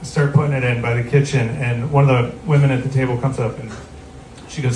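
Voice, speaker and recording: A man's voice: mid-range voice, steady tone, brisk, a little hiss or hum. A middle-aged man doing stand-up, telling a long rambling story with asides and acted quotes. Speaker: stand-up comedian. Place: live comedy venue with audience. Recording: roomy live recording from a distance, loud ambience. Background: audience laughter.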